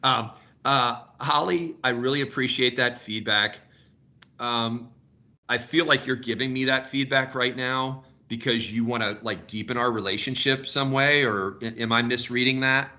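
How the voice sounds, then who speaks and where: A man in his fifties leading a sales team video call, telling stories in an animated way and swearing casually. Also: medium pitch, moderate pace. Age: 50s.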